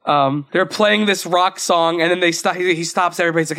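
High-voiced chatty young man. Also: a little fast, pushed and bright, smooth. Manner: chatty, rambling, laughs often. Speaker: podcast co-host. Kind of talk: casual chat.

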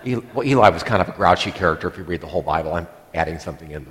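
A middle-aged priest preaches with a rather low voice, chatty and digressive, now and then acting out the words of the people in his story. His voice rings with the long reverb of a church hall. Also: rapid-fire, fairly bright tone. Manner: conversational, digressive, acts out quoted lines. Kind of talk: sermon.

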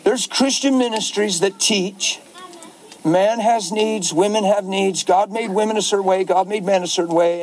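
Man preaching fervently in a high voice. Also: darkish tone, slight background noise, rough recording. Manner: fervent, rising to emphatic exclamations. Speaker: pastor. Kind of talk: impassioned preaching in conversation.

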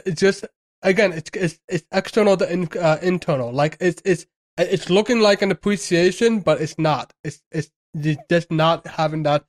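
Rambling man chatting about a film. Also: on the high side. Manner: rambling, many restarts and fillers. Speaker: podcast co-host. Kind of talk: casual film discussion.

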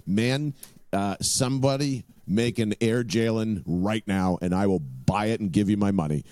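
A man's voice: lowish voice, normal speed, dark tone, dry recording. A man co-hosting a sports podcast, talking in a heated, profane rant. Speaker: podcast co-host.

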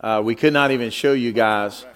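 A man preaching in a church, chatting casually with fillers, whose pitch jumps high and loud when he tells a funny story. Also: normal speed, clear, resonant tone. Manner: conversational, with filler words and restarts. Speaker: pastor. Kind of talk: sermon with an animated, joking story.

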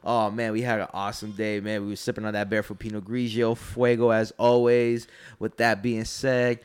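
A man hosting a podcast, relaxed and casual as he signs off the show. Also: on the low side, normal speed, clear, resonant tone. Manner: laid-back, brief backchannels. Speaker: podcast host. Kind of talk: casual chat.

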